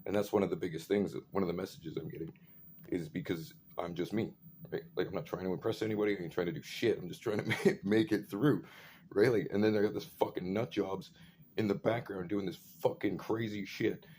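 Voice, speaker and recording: Man, lowish voice, profane rambling rant, faint background hiss. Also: steady tone, brisk, darkish tone. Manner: profane, rambling, full of fillers.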